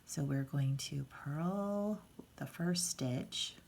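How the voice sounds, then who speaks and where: Low-voiced woman teaching knitting. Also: extremely slow, gravelly, darkish tone, slight background noise. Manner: patient, chatty, with fillers and self-corrections. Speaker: knitting instructor. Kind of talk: casual hands-on craft tutorial.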